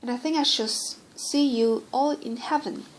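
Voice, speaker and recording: A woman reading the part of an earnest, gentle dying young girl in an audiobook, solemn and pleading. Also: fairly high pitch, moderate pace, slight background noise, lightly acted, poor audio.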